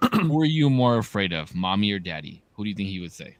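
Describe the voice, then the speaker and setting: Animated, slangy man in his thirties. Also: on the low side, a little fast, no echo. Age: 30s. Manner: animated storyteller, slangy and profane. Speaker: podcast co-host. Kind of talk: casual chat.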